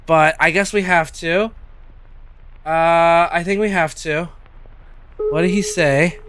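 A young man streaming a game, joking and cursing, reacting with sudden loud outbursts. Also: on the high side, fairly even intonation, slow pace, slight background noise. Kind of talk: gameplay commentary.

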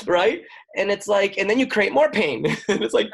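In an interview, a chiropractor and facilitator tells a personal story earnestly and expressively, acting out the voices of the people he quotes. His voice is high-pitched, gravelly, and breathy, and he speaks unhurriedly. He rambles and apologizes for talking so much.

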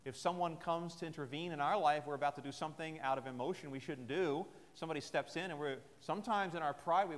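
A man's voice: a little high, animated, a little fast, few pauses. A man preaching a sermon at a military chapel service, retelling a scripture story in an earnest, conversational way. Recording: long chapel reverb.

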